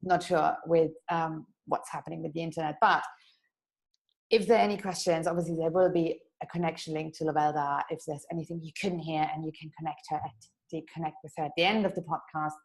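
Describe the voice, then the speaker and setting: A woman's voice: sits low, fairly even intonation, brisk, low-quality recording. A woman hosting a casual podcast interview, bubbly and enthusiastic, laughing easily. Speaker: podcast host.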